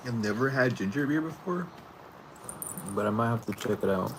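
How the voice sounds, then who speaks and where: A man's voice: mid-range voice, lively intonation, normal speed. A man hosting a casual live stream from home, rambling loosely with profanity and frequent laughs. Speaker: tarot reader streaming live. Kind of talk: casual livestream chat. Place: indoors at home. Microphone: computer or camera mic for a live stream. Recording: noisy home livestream audio.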